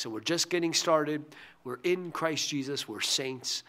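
A man who is a pastor, giving a short devotional sermon in an earnest way, often dropping to a hushed near-whisper on key phrases. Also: fairly high pitch, animated, unhurried.

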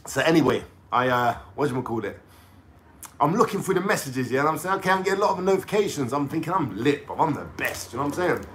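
A man's voice: mid-range voice, a bit bright. A young man with a London accent, telling a rambling story to his viewers in a casual, slangy way and checking in with "yeah?" as he goes.

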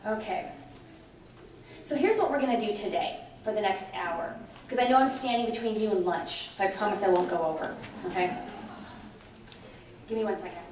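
A middle-aged woman giving a lively conference presentation, chatty and animated, often checking in with her audience. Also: medium pitch, moderate pace, pauses often. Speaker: conference speaker on dementia care. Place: large conference room. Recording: very echoey hall from far off, faint noise.

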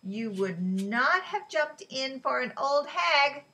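A man's voice: extremely high pitch, very animated, slow pace, sharp tone, voice pushed up, exaggerated voice, low-quality recording. A woman voicing a jovial male sailor who teases his friends in formal, careful phrasing. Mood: teasing. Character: jovial teasing male sailor, fond of chess.

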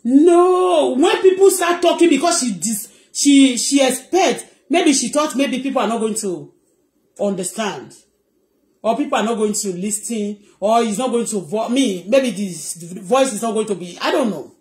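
Emphatic Nigerian woman, high voice. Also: expressive, normal speed, a little mellow, reverberant. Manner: emphatic, repetitive, keeps asking "you understand?". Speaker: celebrity gossip vlogger. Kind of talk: heated commentary.

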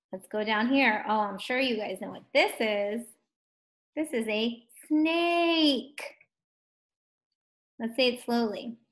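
Slow, patient female first grade teacher. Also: fairly high pitch. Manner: slow, drawn-out words sounded out for children; gentle, encouraging questions to young learners. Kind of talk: distance learning phonics lesson.

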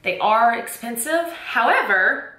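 A young woman with a Southern US accent talks to the camera in an enthusiastic, gushing, emphatic way. Her voice sits a little high and sounds bright and forceful. The sound carries a noticeable room echo. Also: animated, slow pace. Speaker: teacher vlogger. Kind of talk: casual product chat to camera. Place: room lit with bright lights.

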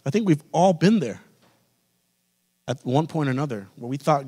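A man in the pastor's role preaching a sermon with an American accent, building to forceful emphasis and asking repeated rhetorical questions. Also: a little high, lively intonation, normal speed, slightly rough. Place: church sanctuary. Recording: long hall reverb.

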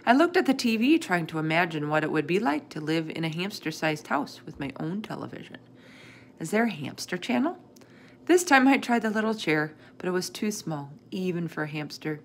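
Woman reading a kids chapter book out loud, kinda gravelly, expressive. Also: on the low side, a little fast, a little hiss or hum. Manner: expressive, lively read-aloud narration. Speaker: reader of a children's book. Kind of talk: storybook read-aloud.

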